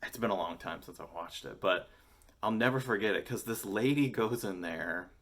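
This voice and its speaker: Low-voiced American guy gushing profanely. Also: moderate pace, fairly bright tone. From United States. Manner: enthusiastic, rambling, swears often. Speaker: vlogger. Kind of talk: casual chat to camera.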